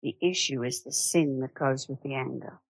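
Woman, preacher, low voice, dry sound, conversational and animated. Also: normal speed, gravelly, no room sound, low-quality recording. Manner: conversational, animated, with rhetorical questions. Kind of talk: sermon.

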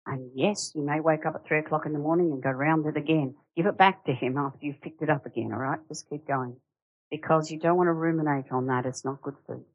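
A woman preaching a sermon, in a conversational, animated way with rhetorical questions. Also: deep voice, a little fast, no room sound, phone-quality sound.

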